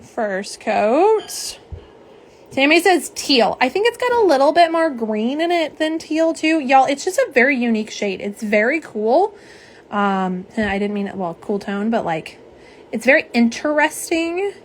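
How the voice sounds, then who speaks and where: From her home streaming setup, a middle-aged woman hosts a casual nail polish livestream on a phone camera, chatting and reading comments aloud in a bubbly manner. Her high voice swings widely in pitch, and she speaks unhurriedly.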